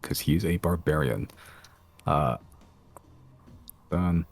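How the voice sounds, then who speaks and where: A man's voice: extremely low pitch, takes it slowly, soft background music. A man narrating a tabletop game as game master, loosely describing the action with lots of fillers.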